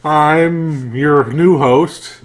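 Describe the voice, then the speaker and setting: Joking New Jersey podcast host. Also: male voice, fairly high pitch, fairly even intonation, drawn-out words. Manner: joking, rambling, restarts often. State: drinking, tipsy. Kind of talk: casual chat.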